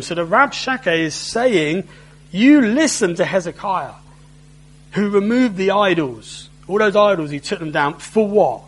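A man's voice: high-pitched, moderate pace, rough recording. A man preaching a sermon in a conversational way, often asking his listeners tag questions.

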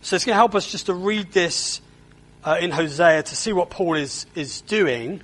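A man's voice: high voice, normal speed, fairly bright tone, poor audio. A man preaching a sermon in a church, earnest and often repeating words as he stresses a point.

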